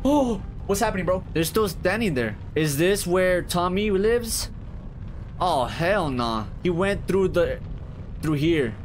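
A young man streaming a horror game, reacting with crude, excitable commentary and reading on-screen text aloud. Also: high voice, takes it slowly, soft background music. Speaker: gaming streamer.

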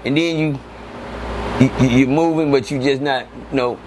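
A man telling stories from prison in a casual interview, animated and profane, often repeating words. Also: mid-range voice, normal speed. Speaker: interview guest. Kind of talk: casual storytelling. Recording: noisy background.

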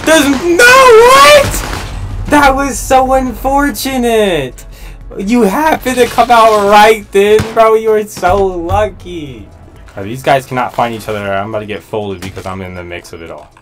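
A man's voice: high-pitched, moderate pace, faint music behind. A young man giving live gameplay commentary, full of profane, exasperated trash talk. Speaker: gaming video creator.

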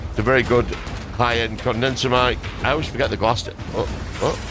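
Over music, a young gaming creator talks fairly quickly in a mid-range voice with fairly even intonation. Sitting at his home desk with a dynamic microphone, he rambles through his gameplay commentary, cursing casually and mocking himself.

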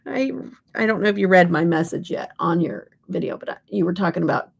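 Middle-aged woman from Kansas, makeup livestream host; low, husky, unhurried, rambling chat with whispered asides. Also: expressive. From Kansas, USA. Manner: chatty, rambling, drops into whispers. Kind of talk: casual live chat while swatching.

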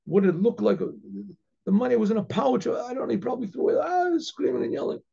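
A man, a rabbi, telling a story in a rambling way, with restarts and frequent throat clearing. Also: sits high, wildly swooping pitch, fairly quick, warm tone, dull audio. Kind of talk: storytelling lecture.

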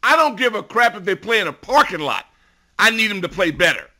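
A middle-aged man talks football as a radio guest, pressing his points and rising into loud emphatic bursts. His voice is bright and forceful and sits a little high for a man. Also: very animated, fairly quick. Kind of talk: sports radio talk.

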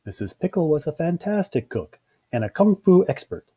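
Expressive male children's story reader. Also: fairly high pitch, normal speed, slightly rough. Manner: expressive, sing-song storytelling. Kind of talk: read-aloud children's story narration.

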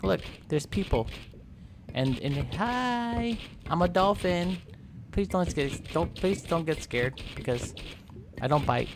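A man's voice: sits high, animated, slow pace, background noise, heavily acted. A man voicing a sly male great white shark who poses as a friendly dolphin, with a mock-friendly, boastful manner.

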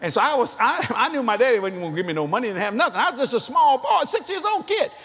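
A man's voice: very high voice, very animated, racing, fairly bright tone, breathy edge. A male preacher with a Cajun Louisiana accent, telling folksy, joking stories in a sermon and laughing often. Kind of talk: sermon storytelling.

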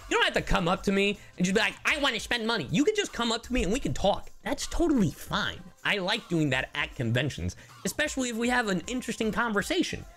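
A man from Miami, a streamer and voice actor, telling stories to his stream chat in a casual, expressive way. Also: high-pitched, fast talker, hardly any pauses, soft background music. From Miami, Florida. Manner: animated, expressive storyteller.

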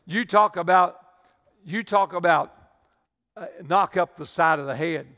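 A man's voice: high voice, a little slow, sharp tone. An older man preaching a sermon as pastor, repeating and restarting phrases as he builds his point. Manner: preaching with Southern-style repetition and stammered restarts. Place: church sanctuary. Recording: dull livestream audio with long hall reverb.

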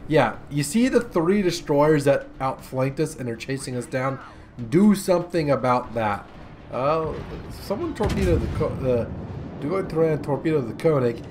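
A man's voice: a little high, expressive, moderate pace, darkish tone, slight background noise. Young man joking through gameplay commentary. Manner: joking, rambling, sarcastic asides. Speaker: gaming commentator.

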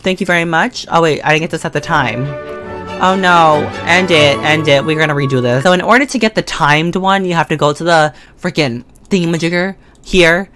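A gaming video creator, a girl with a low voice, gives casual let's-play commentary on her Sims game, talking a little fast into a desk condenser mic with faint music behind. She's chatty and slangy, talks to the characters, yells at them, and breaks into sudden excited or mock-scared outbursts.

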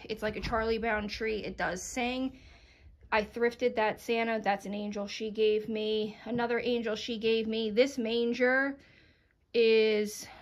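A woman's voice: on the high side, muffled recording. A woman vlogging from inside her home and chatting casually through a tour of her holiday decor, affectionate and full of little fillers.

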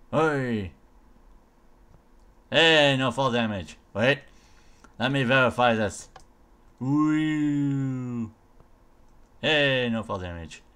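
A man's voice: mid-range voice, fairly bright tone. A man casually commenting on a game mod as he tries it, thinking aloud and mumbling silly noises. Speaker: gamer showcasing a mod.

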